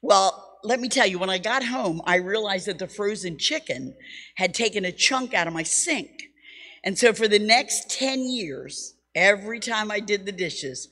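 Woman Bible teacher, mid-pitched voice, animated storyteller with wry asides, long church reverb. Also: normal speed. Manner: lively storytelling, reads scripture with drama; humorous asides. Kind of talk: teaching sermon.

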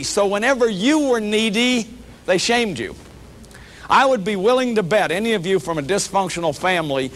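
Earnest man lecturing, slightly high voice. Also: fairly bright tone, slight background noise. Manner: earnest, repeats words, talks straight to the audience with "you see". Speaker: lecturer on shame and recovery. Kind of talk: public lecture.

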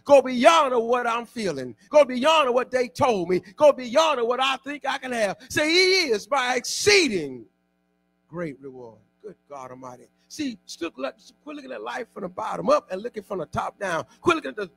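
Pastor, male, very high and gravelly, lively call-and-response preaching in church. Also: normal speed, hardly any pauses, no echo. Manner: exhorting call-and-response preaching, often shouting. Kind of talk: sermon.

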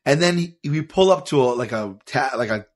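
A man hosting a podcast, telling a story in a casual, animated way and acting out the people he quotes. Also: medium pitch, brisk. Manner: animated, acts out quotes, laughs mid-story. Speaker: podcast host.

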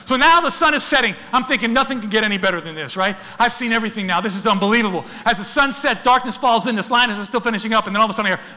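A middle-aged man giving an animated, excitable storytelling talk about wildlife photography, acting out the animals in funny voices. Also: high-pitched, rapid-fire, few pauses. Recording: long reverb of a lecture hall.

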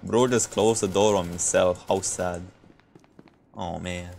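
A man streaming a shooter game with viewers, reacting excitedly and swearing, his voice jumping high when shocked. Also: slow, gravelly, a little hiss or hum. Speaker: gaming streamer. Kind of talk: casual live game commentary.

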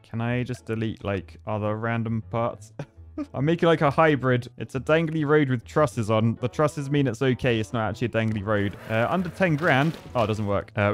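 Man, 30s, gaming host, jokey chatty commentary, thinks aloud, average pitch, faint music behind. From Britain. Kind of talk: playful game commentary.

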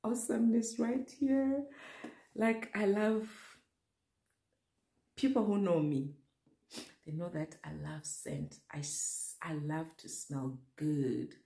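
Gushing young woman, slow and gravelly. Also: deep voice. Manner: gushing, excited, talks straight to viewers. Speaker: vlogger. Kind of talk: casual unboxing vlog. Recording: echoey room with faint noise.

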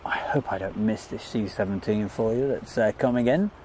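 A lowish-voiced man from the UK chats his way through a live stream at an airfield, rambling easily and answering viewer comments. A faint outdoor hiss sits under his voice. His talk is loose, friendly and unscripted. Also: normal speed, a little mellow.

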